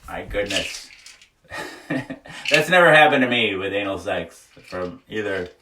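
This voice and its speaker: A man's voice: fairly low pitch, expressive, unhurried, recorded from a distance, background noise. A man hosting a casual livestream, reading viewer comments aloud, often laughing and joking frankly. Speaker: livestream host. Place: small wooden sauna. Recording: echoey room, voice away from mic.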